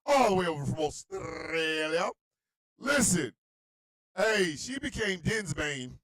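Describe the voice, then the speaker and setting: A man hosting a comedy talk radio show, ranting in an animated, incredulous, shouting way. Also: high voice, slow, no echo, clean studio sound.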